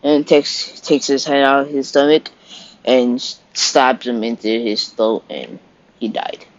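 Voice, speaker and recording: A man's voice: medium pitch, measured pace. A man narrating an improvised fan story in a loose, rambling way. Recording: dull lo-fi recording.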